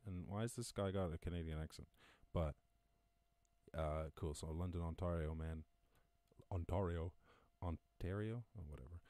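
This man, a podcast host with an Irish accent, does a casual lockdown live-stream at home: he reads the news, riffs on it, swears freely, and laughs at his own gags. His low-pitched, slightly mellow voice is captured in a dry, studio-quality recording.

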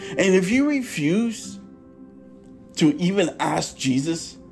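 A man hosting his own podcast, giving a fervent, repetitive testimony that swings between emphatic bursts and quiet asides. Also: high voice, very animated, takes it slowly, gravelly, music in the background. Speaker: podcast host. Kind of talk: impassioned testimony preaching.

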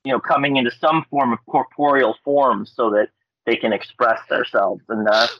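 A laid-back man from Alaska tells ghost stories in a relaxed, chatty way. He often jumps into loud, high-pitched voices when he quotes people. The audio is dry and a bit dull and lo-fi. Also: moderate pace, dry recording. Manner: laid-back, frequent fillers and swearing. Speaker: podcast guest. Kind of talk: casual storytelling.

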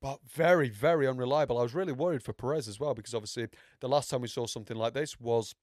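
A man's voice: mid-range voice, fast, a little mellow, no echo, clean studio sound. A young man hosting a casual podcast, rambling and self-mocking, with many fillers and restarts. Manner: puts on mock accents. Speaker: podcast host. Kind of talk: casual motorsport podcast chat.

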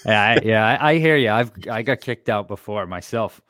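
A man co-hosting a casual podcast, telling a rowdy personal story and acting out the people in it with loud, high bursts. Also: moderate pace, no echo, studio quality. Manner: animated storyteller, acts out quotes loudly.

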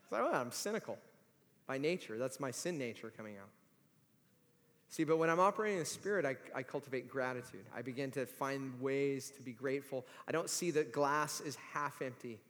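A man in his forties preaching a sermon, telling animated stories and acting out the voices of the people in them. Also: brisk. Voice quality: high voice that climbs to shouts in stories. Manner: animated storytelling, acts out quoted voices. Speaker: pastor. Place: church sanctuary. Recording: long hall reverb.

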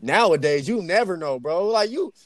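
Animated slangy man, casual chat. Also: sits high, moderate pace. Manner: animated, slangy, says bro a lot.

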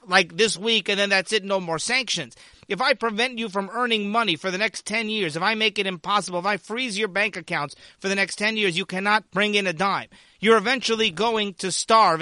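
A man's voice: sits high, sharp tone, no room sound, clean studio sound. A man hosting a political commentary show, delivering an opinion monologue in an indignant, sarcastic manner with mocking asides.

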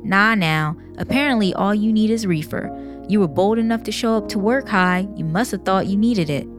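A woman's voice: mid-range voice, normal speed, music in the background, lightly acted. A woman reading the lines of a firm, caring older male shopkeeper, talking plainly to a teenager. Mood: stern. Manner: firm, fatherly, plain-spoken. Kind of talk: audiobook-style reading.

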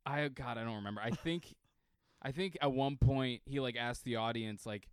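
A man co-hosting a comedy podcast tells stories dryly and acts out what others said. His voice is smooth and resonant, recorded close with no room sound. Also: mid-range voice, normal speed, no echo. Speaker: podcast co-host. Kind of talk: casual chat.

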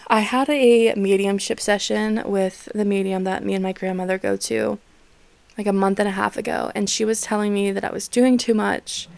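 Young female podcast host, frank and swearing, gravelly voice, dry close-miked. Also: medium pitch, steady tone, normal speed, a little mellow, no echo. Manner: candid, swears freely, laughs often. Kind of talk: casual solo podcast chat.

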